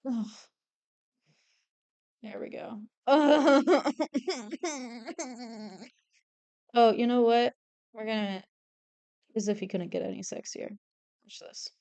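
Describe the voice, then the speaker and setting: A young woman streamer chatting casually while she draws, excitable and swearing freely. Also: mid-range voice, measured pace, gravelly, pauses often. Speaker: artist streamer. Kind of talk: casual chat while drawing.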